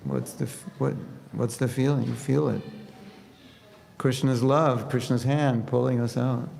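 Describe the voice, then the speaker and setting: Gravelly-voiced man preaching in a hall. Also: medium pitch, measured pace. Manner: conversational, animated when quoting prayers. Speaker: spiritual teacher. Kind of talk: sermon with humor. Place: temple hall. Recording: reverberant hall with faint noise.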